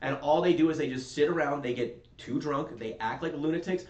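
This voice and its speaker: Fast-ranting East Coast-sounding man. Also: a little high, darkish tone, dull audio. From Las Vegas, USA. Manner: aggressive, profane, ranting. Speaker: podcast host. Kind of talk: casual chat. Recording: roomy podcast room.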